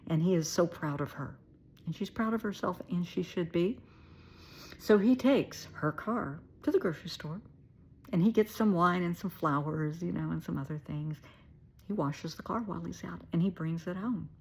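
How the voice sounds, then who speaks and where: A woman's voice: fairly low pitch, gravelly, a little mellow, husky. A middle-aged woman therapist with a Southern US accent, telling a story with emphatic, wry asides. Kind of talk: storytelling advice video.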